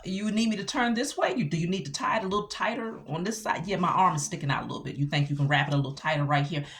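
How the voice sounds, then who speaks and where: A woman's voice: lowish voice, racing, lightly acted. A woman voicing a young son who chatters eagerly while his father ties him up. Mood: obliging.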